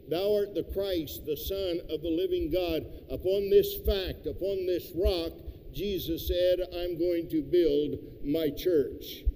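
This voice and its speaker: Male preacher, dark voice, slow deliberate sermon delivery, long hall echo and faint hiss. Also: high voice. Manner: slow, emphatic preaching, reading scripture aloud.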